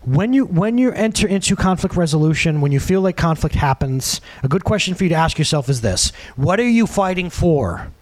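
A man's voice: fairly high pitch, a little fast, hardly any pauses. A man in his thirties, a pastor, preaching a conversational sermon and acting out quotes in other voices. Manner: conversational, animated, acts out quotes.

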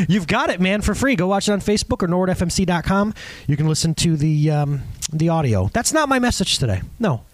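A man preaching a conversational sermon as pastor, animated and off-the-cuff, with many restarts and asides. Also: high voice, fairly quick, dry recording.

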